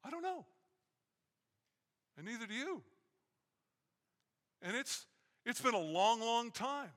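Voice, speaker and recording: A man preaching a sermon emphatically, acting out quoted lines and pausing for effect. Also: extremely high pitch, big pitch swings, fairly bright tone. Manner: emphatic preaching with dramatic pauses. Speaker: pastor. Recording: echoey hall.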